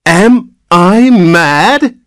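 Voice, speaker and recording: A man's voice: sits high, expressive, extremely slow, fairly bright tone, no echo, studio quality, pitched above the performer's own voice, full character voice. A man voicing a panicked father who thunders in terror and moans in horror. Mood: frantic. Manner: thundering, frantic outbursts and horrified moaning.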